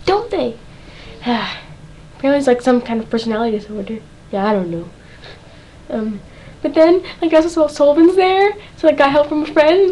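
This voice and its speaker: A teenage girl rambling excitedly in a casual reaction vlog, full of "like" and dramatic outbursts. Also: high-pitched, moderate pace, pauses often, poor audio. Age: teens. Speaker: fan vlogger.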